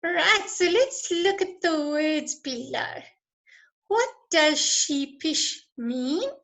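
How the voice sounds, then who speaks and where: A woman teacher giving an online lesson, encouraging and praising students, her voice going a little hoarse from talking a lot. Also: high voice, expressive, very slow, a bit bright, rough recording. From South Africa. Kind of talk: online lesson with live chat.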